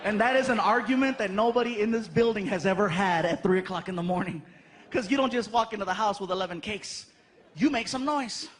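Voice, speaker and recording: A man doing stand-up storytelling on stage, animated and self-mocking, acting out the people in his story. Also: sits high, a little fast. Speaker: stand-up comedian. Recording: live show with background noise.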